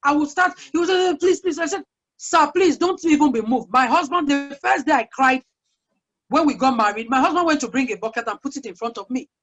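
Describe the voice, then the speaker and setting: Speaking a little fast in a high-pitched, fairly bright voice, a woman guest speaker shares personal stories in an earnest, chatty talk about parenting. The audio is dull and lo-fi.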